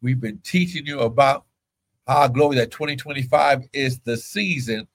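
A man's voice: medium pitch, normal speed, poor audio. Man preaching a fervent sermon. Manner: preaching with sudden loud cries and speaking in tongues. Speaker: pastor. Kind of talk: livestream sermon with prayer.

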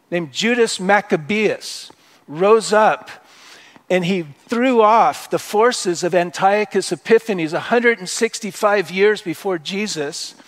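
A middle-aged man preaching to a church congregation in an easy, conversational way, weaving personal stories into his teaching. His voice sits high for a man, and he throws rhetorical questions out to the room as he goes. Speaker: pastor. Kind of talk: sermon. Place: church worship service.

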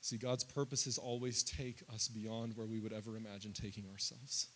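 A man in his thirties preaching a sermon, climbing loud and high through lists and quoted prayers, then dropping low and quiet. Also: little pitch movement, moderate pace, a little hiss or hum. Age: 30s. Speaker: pastor.

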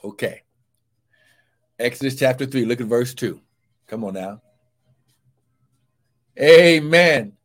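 A man preaching a live sermon, fervently calling out praise and shouting scripture, then dropping to a low murmur between shouts. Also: lively intonation, slow pace, long pauses.

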